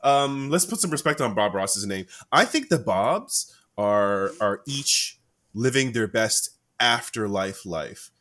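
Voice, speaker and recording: A man co-hosting a podcast, joking around in casual chat, with his voice jumping up when he gets excited. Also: takes it slowly. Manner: joking, playful, pitch jumps up when excited. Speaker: podcast co-host.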